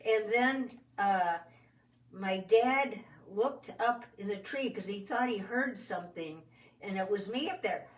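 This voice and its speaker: Woman, storyteller, expressive folksy telling, roomy echo, unhurried. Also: medium pitch, far from the mic. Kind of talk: children's story narration. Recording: roomy sound from off the mic.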